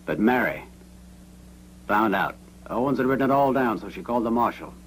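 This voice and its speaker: Man voicing a ruthless former captain, very deep voice, dubbed western, cold, matter-of-fact. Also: lively intonation, brisk, slight background noise, natural voice, rough recording. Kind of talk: dubbed 1970s western film acting.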